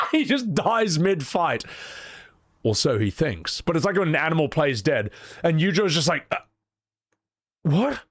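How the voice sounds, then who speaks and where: A man hosting a casual livestream, telling a story in an animated way with lots of fillers. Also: a little high, unhurried, long pauses. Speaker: show host.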